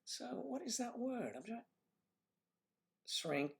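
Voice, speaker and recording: Rambling gravelly man hosting a livestream. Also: very high-pitched, big pitch swings, takes it slowly. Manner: rambling, chatty storytelling. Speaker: livestream host. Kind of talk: casual livestream chat.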